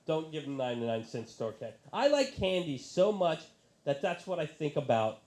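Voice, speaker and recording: Guy doing stand-up at a bar, kinda high voice, animated storytelling, goes squeaky when he does other people. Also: normal speed, echoey room. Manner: animated storytelling, jumps into high excited voices for quoted lines. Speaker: stand-up comedian. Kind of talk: stand-up comedy set. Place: comedy bar stage with audience.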